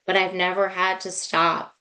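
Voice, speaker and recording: A woman's voice: on the low side, level tone, moderate pace, bright, forceful tone. Woman, dentist, webinar talk, heartfelt, emotional, restarts, video call. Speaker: dentist and guest speaker.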